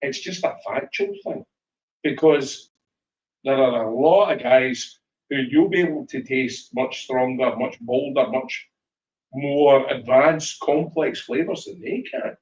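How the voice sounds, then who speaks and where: A Scottish man telling lively whisky stories as a guest speaker at a tasting, acting out voices as he goes. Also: mid-range voice, slow, roomy sound, far from the mic, muffled recording. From Scotland. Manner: animated storyteller, acts out voices in anecdotes. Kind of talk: live storytelling chat at a tasting. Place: shop tasting room.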